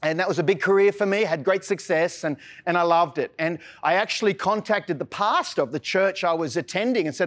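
A man's voice: high-pitched, fairly quick, few pauses, fairly bright tone. An Australian man preaching a sermon as a pastor, earnest and casual, often repeating words as he starts a phrase. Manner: mixes in casual slang.

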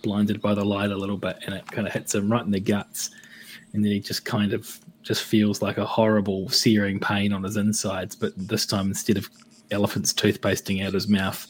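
A man playing a tabletop game, joking crudely as he describes his spell, with a husky voice. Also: fairly low pitch, little pitch movement, moderate pace, slight background noise. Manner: crude, jokey, laughing. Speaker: player.

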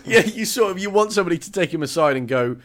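A man co-hosting a podcast, chatting in a wry, lively way. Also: sits high, quick pace, crowd noise. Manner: wry, lively, given to comic put-on voices. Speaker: podcast co-host. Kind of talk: casual chat.

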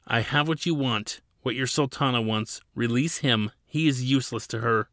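A man's voice: medium pitch, dry recording, studio quality, lightly acted. A man voicing a resolute female android who speaks firmly and evenly. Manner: firm, quiet and measured.

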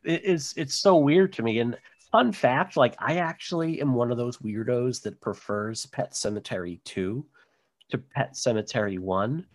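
A man's voice: mid-range voice, normal speed. Guy on a podcast rambling about movies, lots of likes and ums. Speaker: podcast co-host. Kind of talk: casual movie chat.

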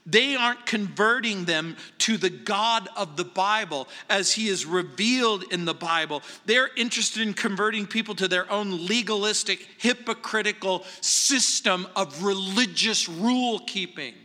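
A male pastor preaching a verse-by-verse sermon, conversational and emphatic, moving between quiet asides and raised stresses. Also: high-pitched, moderate pace, few pauses. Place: church sanctuary. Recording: long church hall reverb.

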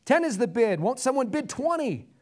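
A man's voice: extremely high pitch, very animated, moderate pace, voice pushed up. A man voicing an insistent male auctioneer who keeps calling for bids in a raised, pressing voice. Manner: loud, pressing.

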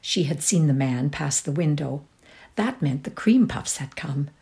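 A Canadian woman gives a dramatic reading of a short story in a fairly low voice. Her pitch rises and falls a great deal as she acts out each character's lines. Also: lively intonation, unhurried, warm tone. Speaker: reader.

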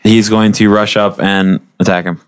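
A man's voice: on the low side, little pitch movement, moderate pace, a little hiss or hum. A man playing a tabletop game in an easygoing way, asking about the rules as he declares his actions. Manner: easygoing, asks rule questions. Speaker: player. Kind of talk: casual tabletop play.

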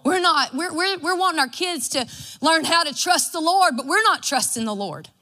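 A woman's voice: very high-pitched, lively intonation, moderate pace, pushed and bright. A woman, preaching a devotional sermon in a folksy storytelling way. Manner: folksy and storytelling, acts out her own quotes.

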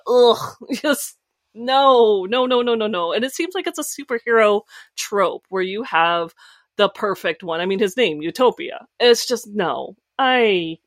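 A woman's voice: medium pitch, dry recording. Upbeat American woman, podcast co-host, chatty and laughing, dry sound. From United States. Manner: animated, laughs often, talks in bursts. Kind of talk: casual chat.

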